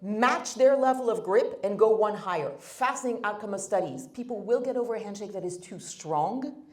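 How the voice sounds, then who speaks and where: A woman's voice: medium pitch, lively intonation, moderate pace. A woman giving a live workshop talk, blunt and emphatic with wry humor. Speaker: workshop speaker. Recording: roomy hall.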